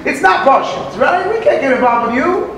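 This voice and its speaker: A man's voice: extremely high pitch, expressive, moderate pace, echoey room, a crowd in the background, poor audio. A man giving a sermon on a Talmud story, telling it dramatically with acted quotes and Hebrew phrases. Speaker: rabbi teaching Talmud.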